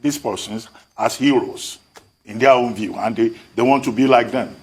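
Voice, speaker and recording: A man co-hosts a TV news interview. He puts his questions in a measured, formal way. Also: medium pitch, a little mellow. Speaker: TV news co-host.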